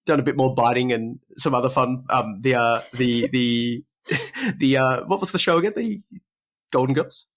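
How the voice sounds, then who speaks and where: A man's voice: mid-range voice, normal speed, a bit bright. A man hosting a podcast, chatting casually, laughing often and restarting his sentences. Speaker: podcast host. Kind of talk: casual conversational interview.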